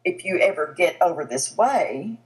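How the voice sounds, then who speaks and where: A woman hosting a talk show, interviewing a guest and thanking him warmly and graciously. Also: lowish voice, lively intonation, normal speed, low-quality recording. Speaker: radio show host. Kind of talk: interview conversation.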